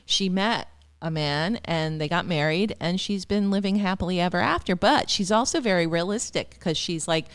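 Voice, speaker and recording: A woman astrologer giving dating advice as a podcast guest, chatty and animated, acting out what her clients say. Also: fairly low pitch, normal speed. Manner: chatty, acts out clients' words. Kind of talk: podcast interview, advice talk.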